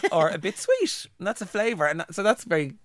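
A man's voice: high-pitched, big pitch swings, fast talker, a bit bright. A man co-hosting a podcast, playful and joking in casual chat. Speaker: podcast co-host.

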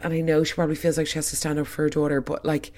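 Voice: medium pitch, level tone, very fast, a little mellow. A speaker giving an opinionated, chatty recap of a soap episode, trailing off into asides.

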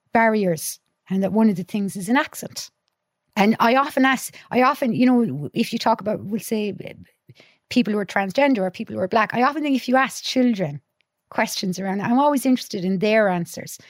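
A woman's voice: medium pitch, no room sound, clean studio sound. Earnest woman telling stories. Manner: earnest, storytelling, many restarts. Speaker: podcast guest. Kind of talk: casual conversation.

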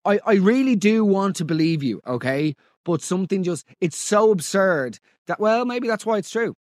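Theatrical Irish man mocking with wild pitch swings. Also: animated, moderate pace, darkish tone, no room sound, clean studio sound. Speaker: podcast host. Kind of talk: comic commentary on listener voice notes.

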